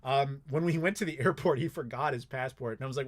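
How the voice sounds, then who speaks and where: A man's voice: mid-range voice, quick pace. A man casually answering viewer questions on a live stream, rambling and swearing freely with lots of filler words.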